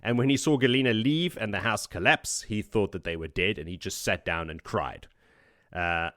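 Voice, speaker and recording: A man's voice: on the low side, moderate pace, fairly bright tone, no echo, studio quality. A man hosting a podcast, recapping a book chapter by chapter in a casual, joking way with frequent laughs. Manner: joking, chatty, laughs often. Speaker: podcast host.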